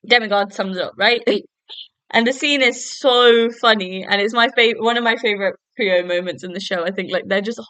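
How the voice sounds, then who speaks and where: A woman's voice: mid-range voice, fairly quick, bright, forceful tone, clear, resonant tone, no room sound. A young woman hosting a solo podcast at home, casually reviewing a TV episode in a chatty way, full of fillers and self-corrections. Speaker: podcast host.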